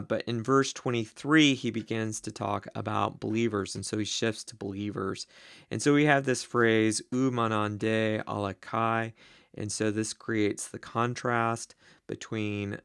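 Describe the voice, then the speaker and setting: A man teaching the Greek grammar of a Bible passage, slow and deliberate, with many ums and uhs. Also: lowish voice, vocal fry, fairly bright tone, dry recording, studio quality.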